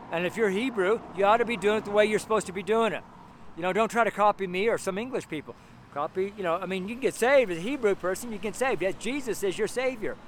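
A man with a notably high voice preaches and prays out on a city street, hammering home his points by repeating them again and again. His talk is loose and emphatic, full of little fillers. Faint traffic rolls by in the background. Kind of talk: street sermon and prayer.

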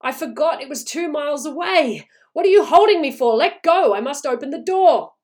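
A woman voicing a desperate, grieving old mother who cries out in a high, loud, pleading voice. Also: animated, moderate pace. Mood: frantic.

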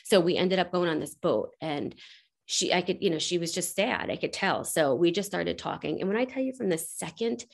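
A woman's voice: fairly low pitch, expressive, moderate pace, gravelly. A woman speaking as a podcast guest, telling a story in a chatty, rambling way full of fillers. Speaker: podcast guest, coach's wife. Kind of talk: casual interview chat.

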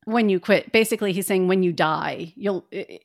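A woman's voice: on the low side, moderate pace, gravelly. A woman co-hosting a podcast, chatting casually and making sarcastic asides. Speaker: podcast co-host. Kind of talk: casual chat.

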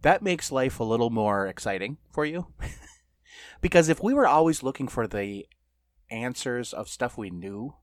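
A man co-hosts a podcast and talks in a loose, rambling way, full of "like" and "you know". His voice sits at an ordinary pitch. The sound is dry and close, with no room echo. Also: animated, normal speed. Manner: rambling, filler-heavy storytelling. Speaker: podcast co-host. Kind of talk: casual chat.

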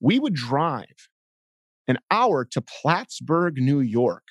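A man in his thirties from Canada is a guest on an interview show, telling stories with loud, lively energy. He keeps breaking into high squealing impressions, and the close, dry recording has no room sound. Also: takes it slowly, slightly rough, no echo. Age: 30s. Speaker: podcast guest. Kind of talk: animated interview storytelling.

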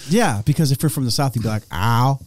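Man, very expressive pitch, teasing casual podcast banter, dry sound. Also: no room sound. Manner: wry, teasing, quick asides. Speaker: podcast co-host. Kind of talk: casual chat.

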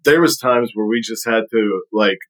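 A man's voice: on the low side, normal speed, a bit bright, low-quality recording. A man telling a casual story on a podcast, rambling with plenty of fillers.

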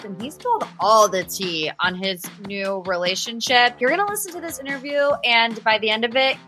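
Bright-voiced woman hosting a gossip podcast. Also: fairly high pitch. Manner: chatty, gossipy, sarcastic asides. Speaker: podcast host. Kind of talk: casual pop culture chat.

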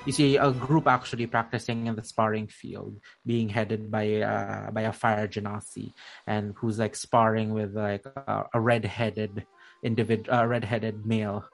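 A man narrating a tabletop game as game master, in a rambling, halting way with many fillers. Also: fairly low pitch, little pitch movement, vocal fry, faint music behind.

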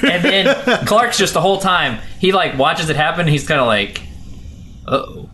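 A man's voice: on the high side, sing-song, moderate pace, noisy background. A man in casual chat, eagerly retelling a movie scene, stumbling over his words and acting out the lines. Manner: eager storyteller, stumbles and restarts, acts out lines.

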